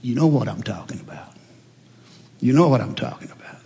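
Sneering devil tempter, as a preacher puts him on, low taunting mutter, echoey hall. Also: male voice, big pitch swings, moderate pace, darkish tone.

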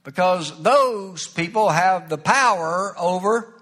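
A pushy, skeptical man insists and waves things away, as a preacher acts him out. The voice is pitched a bit high and pressed forward, in a plain retelling tone. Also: slow, pushed and bright, full character voice. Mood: insistent. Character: pushy skeptical male friend.

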